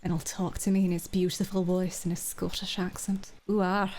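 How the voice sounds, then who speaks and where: A woman's voice: on the low side, little pitch movement, normal speed, darkish tone, slight background noise. A woman streaming a game, chatting in a playful, flirty, self-mocking way. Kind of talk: casual live-stream commentary.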